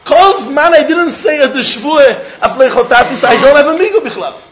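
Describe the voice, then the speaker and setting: A man leads a Talmud lesson, his voice pitched unusually high. He argues in a lively, sing-song study cadence and often laughs through his points. A faint hiss of noise sits under the recording. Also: fairly quick, muffled recording. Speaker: Talmud teacher.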